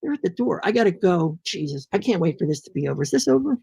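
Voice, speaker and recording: A man's voice: high voice, very animated, fast talker, creaky, warm tone, breathy edge, no echo. A man performing an agitated, profane comic rant alone at home into his laptop on a video call. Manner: agitated, profane, ranting to the camera. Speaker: monologue performer.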